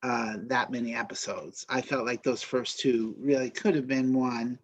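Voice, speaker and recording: Man giving a measured critique, lo-fi. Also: medium pitch, fairly even intonation, no echo. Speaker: podcast co-host. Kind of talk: casual chat. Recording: dull lo-fi recording.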